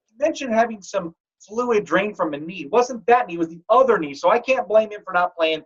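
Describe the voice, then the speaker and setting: A man hosting a fantasy football league podcast, telling stories in a joking, animated way. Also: high-pitched, fairly quick, slightly rough. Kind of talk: casual podcast chat. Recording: dull lo-fi audio.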